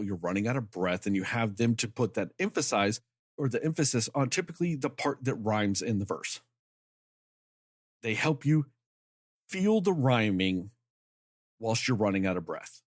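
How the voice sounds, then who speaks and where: A man's voice: fairly low pitch, lively intonation, moderate pace, no echo, clean studio sound. A man co-hosting a podcast, ranting in a heated, emphatic way and swearing freely. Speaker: podcast co-host. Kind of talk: casual podcast chat.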